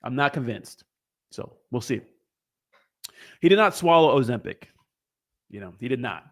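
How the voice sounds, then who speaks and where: With a medium pitch, fairly bright tone, and lively intonation at normal speed, a young man hosts a laid-back crypto livestream. Unscripted and easygoing, he meanders across topics, swears a lot, and jokes around with the chat.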